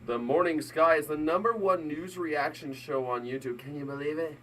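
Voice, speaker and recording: A man's voice: a little high, a little fast, few pauses, a faint crowd, a little hiss or hum. A middle-aged man hosting a live news reaction stream, chatting casually and rambling with frequent laughs. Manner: rambling, jokey, laughs often, bursts into shouted mock voices. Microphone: desk mic.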